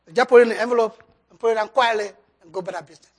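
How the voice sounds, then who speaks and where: A preacher giving a sermon and altar call, swinging between loud emphasis and soft drops, with loose grammar. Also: mid-range voice, very fast. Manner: loose, nonstandard English grammar.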